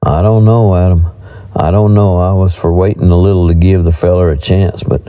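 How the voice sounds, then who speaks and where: Folksy old-timer of the frontier, homespun drawl, low and dark, read by a male narrator in a western audiobook. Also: fairly even intonation, moderate pace, smooth, natural voice.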